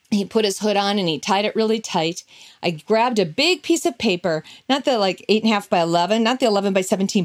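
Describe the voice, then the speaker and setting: A woman preaching a sermon through a personal story, told in an animated way with frequent laughs. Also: mid-range voice.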